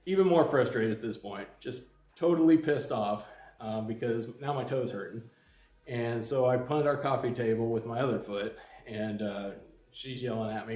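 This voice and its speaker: A middle-aged man telling a personal story to camera in a calm, plain-spoken way, with many ums and restarts. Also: medium pitch, normal speed, roomy sound, soft background music. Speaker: channel host.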